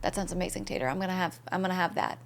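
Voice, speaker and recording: This woman, from the American Southeast, has a fairly low, creaky voice and talks very fast over a noisy background. She chats bubbly and casually while streaming a game, reading viewers' messages aloud and answering them.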